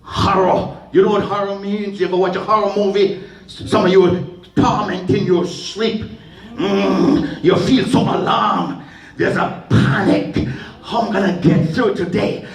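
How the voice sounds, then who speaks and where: A male pastor preaching a sermon in a church sanctuary, emphatic and often rising into shouted refrains. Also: sits high, unhurried. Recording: roomy church sound from a distant mic with faint music.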